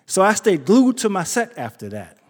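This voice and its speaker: Live storyteller: New man, high and lively voice, big swings into quoted voices, hall echo. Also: moderate pace. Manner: animated, acts out quotes with big pitch jumps. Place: theater stage before an audience. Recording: live stage recording with hall reverb.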